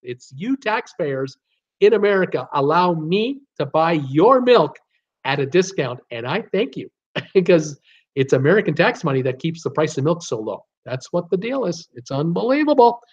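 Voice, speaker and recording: A man's voice: fairly high pitch, normal speed. Middle-aged canadian guy running a live trivia stream, chatty and exasperated, kinda dull lo-fi audio. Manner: animated, exasperated, chuckling asides to viewers. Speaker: host of a live trivia show. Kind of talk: casual live-stream chat. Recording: slightly dull lo-fi sound.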